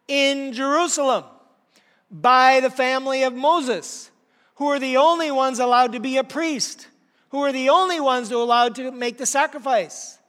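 A man preaching a sermon, teaching with animated rhetorical questions and emphasis. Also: very high-pitched. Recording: long hall reverb.

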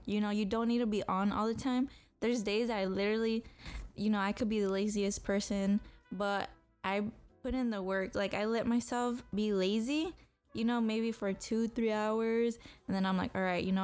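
Young woman, solo podcast rant, blunt and swearing, middle-pitched, faint music under her. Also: clean tone. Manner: blunt and profane, self-motivating. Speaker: podcast co-host.

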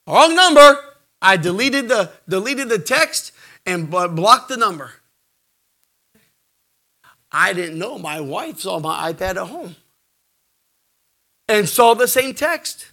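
A middle-aged man preaching a sermon, animated, swinging from shouts to hushed asides and jokes. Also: sits high, slow pace, creaky, long pauses.

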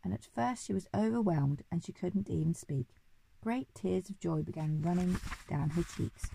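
Gravelly, dark-voiced woman storyteller. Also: lowish voice, normal speed, dry recording, poor audio. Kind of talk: reading a children's story aloud.

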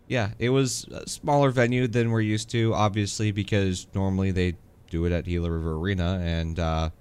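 A man's voice: sits low, steady tone, moderate pace, a little mellow, clear, resonant tone. A man co-hosting a casual sports podcast, talking in an easygoing way with many uh and um fillers. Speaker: podcast co-host. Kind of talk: casual chat.

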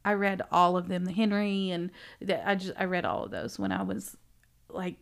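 A middle-aged woman, a bookstore owner, chatting casually as a podcast guest, animated and laughing often as she tells stories. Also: lowish voice, moderate pace, creaky. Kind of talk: casual interview chat.

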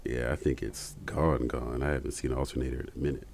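A man's voice: a bass voice, fairly even intonation, fast talker, vocal fry, a little mellow, slight background noise. A man co-hosting a podcast in casual chat, rambling and laughing often as he tells stories. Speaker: podcast co-host.

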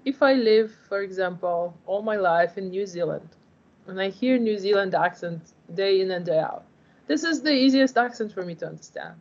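A woman's voice: medium pitch, expressive, normal speed, a little mellow. Earnest woman explaining her tech. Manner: earnest, explanatory, frequent "like" and restarts. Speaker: startup founder. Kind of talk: interview answers. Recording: dull lo-fi audio.

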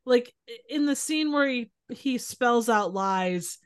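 A woman's voice: a little high, lively intonation, slow pace, clear, resonant tone. A woman co-hosting a podcast, chatting casually and making emphatic points. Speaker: podcast co-host. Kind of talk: casual chat.

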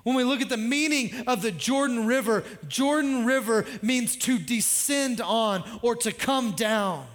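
A man's voice: very high-pitched, unhurried, hardly any pauses, long reverb tail. A man pastor preaching a sermon in a conversational way, with joking asides.

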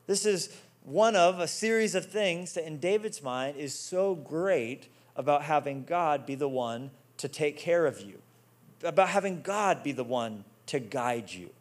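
A young adult man preaching a sermon in a conversational way, repeating words and rising to excited emphasis. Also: on the high side, a little slow. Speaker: pastor.

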